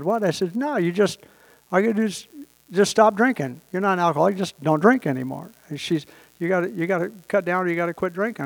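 A man's voice: mid-range voice, vocal fry. A man telling a long personal story with wry humor, briefly quoting other people as he goes. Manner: wry, anecdotal, quotes people in brief voices. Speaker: speaker sharing his story at a recovery meeting.

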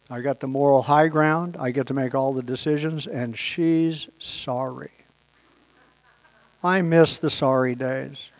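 Man telling a wry personal story. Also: on the high side. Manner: wry, anecdotal, quotes people in brief voices. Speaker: speaker sharing his story at a recovery meeting.

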